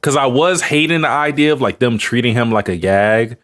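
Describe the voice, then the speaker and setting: A man's voice: medium pitch, lively intonation, brisk, a bit bright, soft background music. A man co-hosting a podcast in casual chat, blunt and swearing casually. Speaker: podcast co-host.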